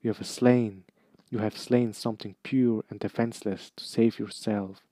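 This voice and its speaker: A man reading aloud, voicing a solemn young male centaur in a measured, quiet, formal way. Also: fairly low pitch, fairly even intonation, dry recording, close to an everyday voice. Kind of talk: audiobook character reading.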